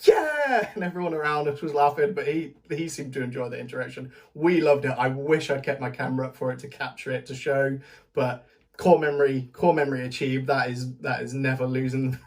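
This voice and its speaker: A British man talks his way through a casual recap, rambling and chatty. He laughs between thoughts and trips over the start of his sentences. His voice sits at an ordinary middle pitch for a man. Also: creaky. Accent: British English. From Britain. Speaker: vlogger. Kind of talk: casual spoken festival recap.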